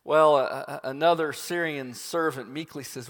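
A preacher retells a story with lively, dramatic delivery, in a voice a little higher than average for a man. His words carry a long reverb from a large hall. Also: moderate pace. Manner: animated storyteller, acts out scenes. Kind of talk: sermon storytelling.

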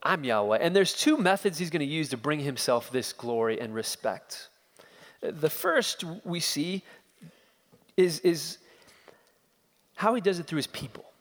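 Emphatic high-voiced preacher in a reverberant hall. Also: male voice, big pitch swings, unhurried, long pauses. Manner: emphatic, building repeated phrases. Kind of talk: expository sermon.

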